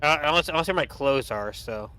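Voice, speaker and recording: A man's voice: fairly high pitch, lively intonation, brisk, sharp tone, a little hiss or hum. A young man with a sore throat, chatting and rambling through gameplay commentary on a headset mic, swearing often. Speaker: streamer.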